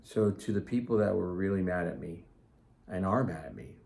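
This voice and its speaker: A man's voice: low voice, expressive, normal speed, creaky, a little mellow. A middle-aged man hosting his own podcast, talking casually and earnestly, rambling a little with restarts and asides. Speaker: podcast host. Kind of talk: casual solo talk.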